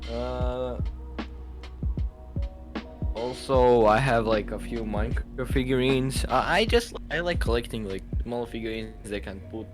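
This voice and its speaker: A teenage man chatting on a home podcast mic, rambling and quick to giggle, his voice sitting at a middling pitch. Loud music plays under everything he says. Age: teens. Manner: giggly, rambling, lots of fillers. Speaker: podcast co-host. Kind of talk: casual chat. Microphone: home microphone.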